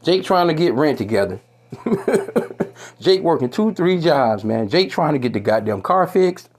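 A man's voice: on the high side, big pitch swings, a little slow. A man delivering a heated, profane commentary rant, stumbling over repeated words and stopping to read scripture. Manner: profane, heated, repetitive restarts, quotes scripture. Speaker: commentary vlogger. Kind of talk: ranting commentary video.

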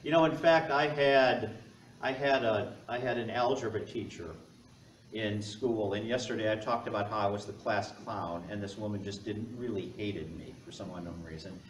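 A man's voice: fairly low pitch, steady tone, moderate pace, far from the mic, a little hiss or hum. A man preaching a sermon as pastor, talking conversationally to the congregation with joking asides. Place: church sanctuary. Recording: echoey church heard from afar.

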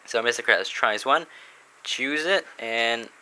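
Bright-voiced guy chatting through a comic. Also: mid-range voice, slow pace, a little hiss or hum, low-quality recording. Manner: rambling, chuckles, reads panels aloud. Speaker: comic reviewer. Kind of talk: casual comic book review.

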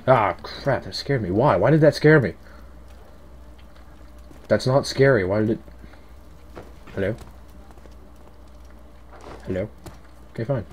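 Jumpy low-voiced man narrating a horror game. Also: measured pace, long pauses, a little hiss or hum. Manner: rambling, easily startled, yelps and shouts at scares. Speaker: let's play commentator. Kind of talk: casual horror game commentary. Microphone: headset.

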